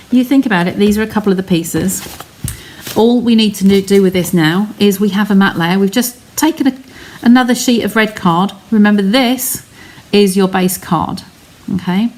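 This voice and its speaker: A woman's voice: medium pitch, moderate pace, darkish tone, slight background noise. A woman hosting a live craft stream from her home studio, explaining each step in a chatty way and talking to her viewers.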